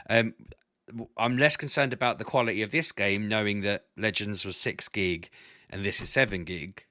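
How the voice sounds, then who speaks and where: A man chatting on a gaming podcast in a lowish voice with a forceful, bright edge. He thinks out loud, stumbles over restarts and bursts into exclamations. The sound is dry and close. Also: dry recording. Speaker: podcast host. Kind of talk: casual chat about video games.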